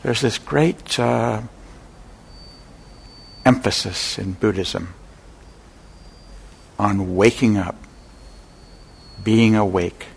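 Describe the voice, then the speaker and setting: An older man giving a dharma talk as a meditation teacher, an unhurried storyteller who pauses often. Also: on the low side, gravelly, husky. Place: meditation center hall.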